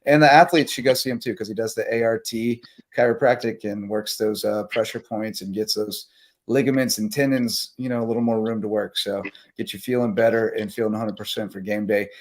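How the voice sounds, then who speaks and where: A man's voice: fairly low pitch, fairly quick. Tired, rambling man hosting late-night sports talk. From South Carolina Lowcountry. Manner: rambling, energetic, reading sponsor shout-outs. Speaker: sports talk show host. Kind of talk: casual late-night live sports chat.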